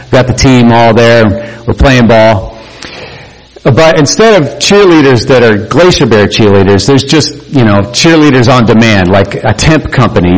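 A man's voice: mid-range voice, poor audio. A male pastor preaching a conversational sermon, mixing jokes, stories and acted-out quotes. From Oregon.

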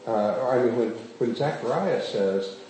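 At normal speed and medium pitch, a man preaches as pastor, narrating stories with animation and repeatedly questioning his congregation. Heavy room echo and faint background noise color the recording.

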